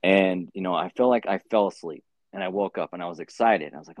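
A man with a low, deep voice tells a rambling story in loose, profane podcast chat, full of "like" and "you know." The sound is dull and lo-fi, with a dry close feel and no room around it. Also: fairly quick, no echo. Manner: rambling, profane, many fillers. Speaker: podcast host.

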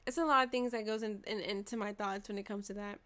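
A young woman vlogging, telling a story fast and profanely, acting out quoted dialogue, into a desk microphone. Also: mid-range voice, steady tone, pushed and bright. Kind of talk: casual storytelling monologue.

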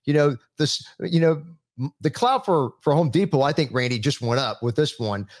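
A man's voice: fairly high pitch, lively intonation, dry recording, clean studio sound. A man hosting a panel chat, who reads out news stories with many fillers and restarts. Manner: halting, lots of fillers. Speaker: podcast host.

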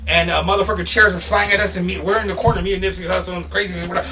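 A middle-aged man casually telling a story on a podcast, animated and swearing, shouting out the quoted lines. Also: high voice, quick pace, hardly any pauses, recorded from a distance, loud music behind the voice. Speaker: podcast guest.

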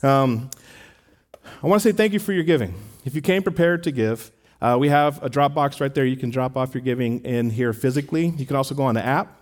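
Associate pastor giving church announcements. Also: male voice, mid-range voice, brisk. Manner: casual, warm-hearted church talk with fillers. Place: church sanctuary.

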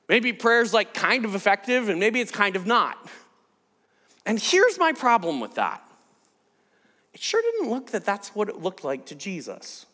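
A man preaching a casual, animated sermon who acts out the people he quotes. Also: sits high, in a large hall.

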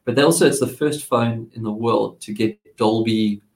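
A man talking excitedly about gadgets in a casual radio chat, explaining with frequent restarts. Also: fairly low pitch, moderate pace, low-quality recording. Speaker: tech commentator.

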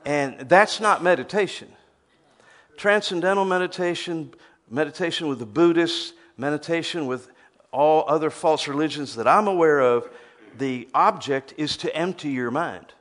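A man's voice: a little high, normal speed, a bit bright. A man preaching a sermon, emphatic, often repeating words as he starts a phrase.

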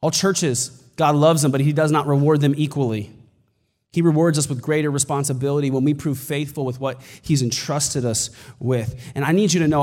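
A male pastor with a high voice delivers an emphatic sermon that climbs to shouted peaks. His words ring out with a long reverb, as from a large church hall. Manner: emphatic preaching, building to shouts.

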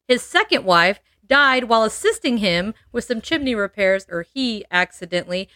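A woman's voice: a little high, lively intonation, moderate pace, pushed and bright, no room sound, clean studio sound. A woman hosting a podcast, telling a true-crime story in casual chat, laughing often and adding playful asides.

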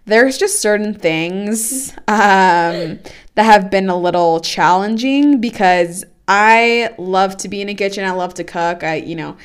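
Smooth-voiced woman telling a story. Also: mid-range voice, measured pace. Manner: chatty storytelling with many fillers. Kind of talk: casual chat.

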